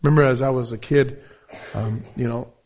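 A man's voice: medium pitch, steady tone, normal speed, darkish tone. A pastor preaching a sermon in English, his second language, with a non-native accent and emphatic, repetitive phrasing. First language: not English.

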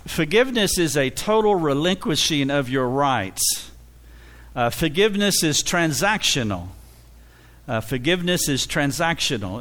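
A man preaching to a congregation, his voice sitting a little high and swooping up and down with animation. He acts out short exchanges between people and breaks into laughter now and then. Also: a bit bright. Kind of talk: sermon.

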